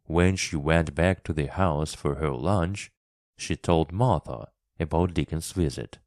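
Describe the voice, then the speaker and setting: A man narrating a classic story for English learners, slow, clear and expressive. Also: very deep voice, no echo, studio quality.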